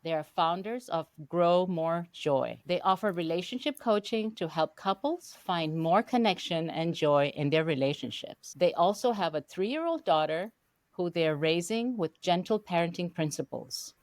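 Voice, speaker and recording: A woman's voice: lowish voice, expressive, normal speed, a little mellow, dry recording. An older woman hosting an interview podcast, welcoming her guests formally and asking questions. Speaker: podcast host. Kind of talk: hosted interview.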